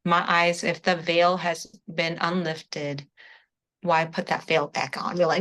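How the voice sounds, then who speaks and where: Woman, emotional testimonial, earnest, spiritual, slightly low voice. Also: flat delivery, measured pace, fairly bright tone. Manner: earnest, spiritual, repeats "I was like". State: emotional, near tears. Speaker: coaching client giving a testimonial.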